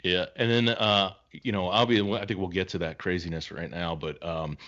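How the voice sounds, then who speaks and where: A man's voice: low-pitched, steady tone, normal speed, a bit bright, muffled recording. A man co-hosting a podcast, telling rambling, anecdotal stories in casual chat. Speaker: podcast co-host.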